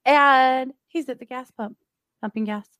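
A woman's voice: high voice, unhurried, smooth, no echo. A woman co-hosting a true crime podcast, telling a story in casual chat and acting out what people said. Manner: lively retelling with acted-out quotes.

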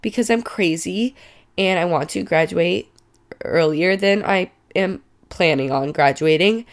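A woman's voice: fairly low pitch, a little slow. A young woman in her twenties hosting a casual podcast, stuffed up from a cold and talking in a chatty, emphatic way. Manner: chatty and emphatic, rising to exclaim in mock outrage. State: congested from a cold. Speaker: podcast host. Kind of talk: casual solo podcast chat.

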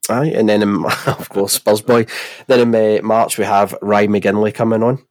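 A man's voice: fairly low pitch, flat delivery, moderate pace, darkish tone, dry recording. A man with a Scottish accent and a nasal voice, co-hosting a football podcast in jokey, rambling casual chat. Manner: jokey, rambling, laughs often. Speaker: podcast co-host.

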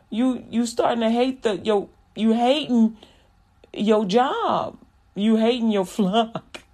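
A woman's voice: medium pitch, darkish tone. A woman minister preaching casually, folksy and direct, acting out examples and laughing often.

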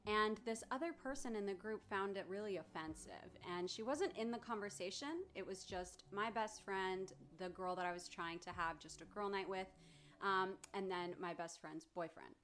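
A woman therapist recounting a personal story to her followers, candid and emotional, with pauses and restarts. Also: medium pitch, fairly bright tone. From Southern California.

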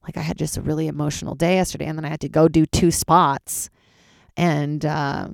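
Tired woman comic with vocal fry. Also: low-pitched, little pitch movement, brisk, no room sound, clean studio sound. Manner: candid and loose, swears freely. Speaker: stand-up comedian and podcast host. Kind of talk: casual solo podcast chat. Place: closet.

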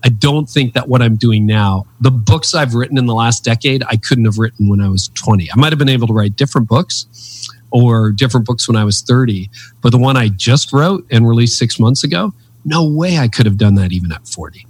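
A man's voice: mid-range voice, brisk, husky. A man in his fifties, a guest author telling stories with earnest, preacherly emphasis in a conversational interview. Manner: animated storyteller with lively swings in emphasis.

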